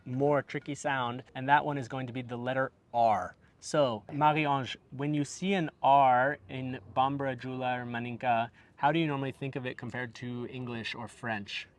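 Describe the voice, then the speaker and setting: A man teaches pronunciation in a relaxed, explanatory lesson. His voice sits at a middle pitch, and he drills sounds by repeating them with exaggeration. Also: normal speed, hardly any pauses. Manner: demonstrates sounds with exaggerated repetitions. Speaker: language teacher, host.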